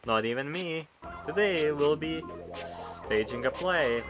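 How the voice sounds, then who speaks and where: A man's voice: fairly high pitch, animated, unhurried, voice pushed up, rough recording. A man voicing a smug, cruel male show host who stages a mock trial, in a theatrical, mocking tone over game music. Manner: mocking, theatrical, sing-song.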